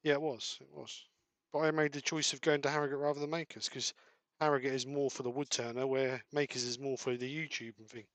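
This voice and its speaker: A man's voice: mid-range voice, fairly quick, few pauses, no echo. A man hosting a live woodturning stream from his workshop, chatting casually and talking through his work as he goes. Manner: relaxed, practical, mutters while working. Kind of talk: casual live-stream chat while demonstrating. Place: home workshop.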